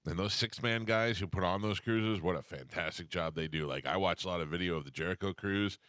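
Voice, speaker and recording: A man's voice: sits low, a bit bright, dry recording. A man hosting a morning radio show, telling loose stories in casual chat. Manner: loose storytelling, quick asides.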